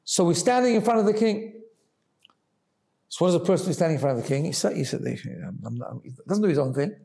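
A man with a somewhat high voice teaches a Chassidic Torah class. He explains step by step, tosses in "right?" to check on his listeners, and mixes Hebrew terms into his talk. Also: fast talker, dark tone. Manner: explanatory, asks rhetorical "right?" often, mixes Hebrew phrases.

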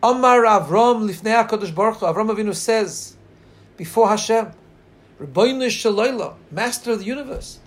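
A man teaching a Torah text, reading Hebrew lines and translating them earnestly, slowing down to stress the text. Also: high voice, expressive. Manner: slows and lifts his voice when reading lines.

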